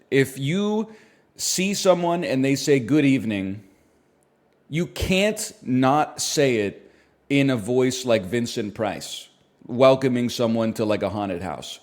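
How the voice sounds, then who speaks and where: A man's voice: medium pitch, darkish tone. A man streaming, chatting casually and riffing wryly on his own jokes with mock-serious asides. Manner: rambling, wry, mock-serious bits.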